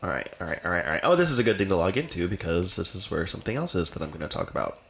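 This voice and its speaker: A woman's voice: extremely low pitch, very fast, creaky. An American woman co-hosting a podcast in casual chat at a home setup, rambling and laughing often as she talks. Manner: rambling, giggly, animated. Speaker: podcast co-host.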